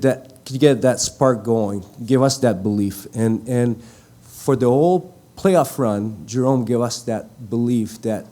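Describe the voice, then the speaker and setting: Speaking live as a former teammate, a middle-aged man delivers a tribute, recounting a story in halting bits full of fillers and restarts. His voice is lowish and mellow.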